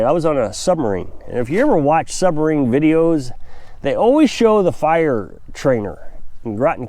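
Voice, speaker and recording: Middle-aged man from Missouri, homestead vlogger, rambling and chatty, with an animated pitch. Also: no room sound. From Missouri, USA. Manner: rambling, conversational, self-correcting. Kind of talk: casual storytelling to camera.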